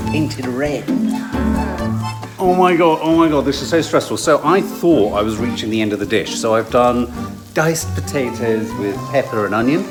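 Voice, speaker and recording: A middle-aged man filming himself cooking at home, chatting playfully to himself and getting flustered. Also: medium pitch. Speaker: husband filming a family vlog. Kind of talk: casual chat and self-narrated cooking.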